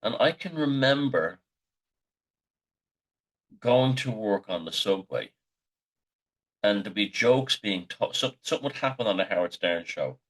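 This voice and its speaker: A man's voice: on the low side, very animated, measured pace, pauses often. A middle-aged man, the host, telling rambling, sweary anecdotes in a casual monologue.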